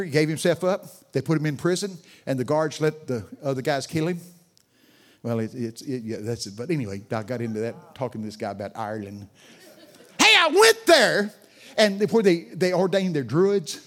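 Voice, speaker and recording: Fairly high in pitch yet dark in tone, an older man's expressive voice runs a little fast. Preaching a sermon as a guest speaker, he tells stories and chats with people in the audience.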